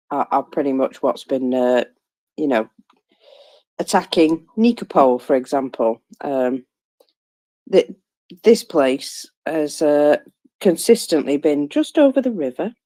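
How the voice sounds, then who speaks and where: Slow, low-voiced woman chatting. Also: lively intonation, mellow, no room sound, rough recording. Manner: rambling, many fillers and restarts, yawning. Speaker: war news commentator. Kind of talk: casual live audio chat. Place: at home, first thing in the morning. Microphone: phone or headset in live audio room.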